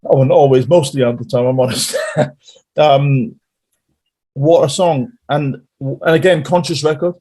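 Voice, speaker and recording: A man's voice: mid-range voice, a little slow. Chatty male musician guest. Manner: animated rambling storyteller. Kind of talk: casual interview chat.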